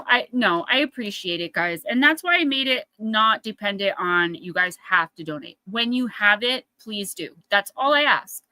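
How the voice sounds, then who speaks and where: Woman, live stream reader, casual chat, bright tone, close dry mic. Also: medium pitch, no echo, rough recording. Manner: chatty storytelling, acts out quotes in a raised voice. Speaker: oracle card reader and livestream host.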